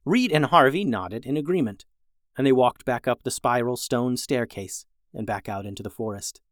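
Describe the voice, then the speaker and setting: A storyteller reads a children's tale aloud, with plenty of life in the telling and the pitch jumping up and down for each character. The voice sits in a middle range. The recording is close and dry, with no room sound around it. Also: animated, moderate pace, no echo. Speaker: children's story podcast host.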